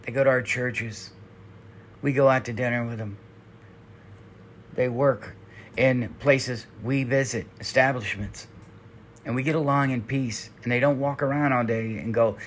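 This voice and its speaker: A man in mid-rant, heated and exasperated, swearing freely as he airs his complaints. His pitch sits in an ordinary middle range for a man. A faint ambient hum stays underneath. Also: normal speed, fairly bright tone. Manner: heated, profane, exasperated ranting. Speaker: commentary channel host. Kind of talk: angry commentary rant.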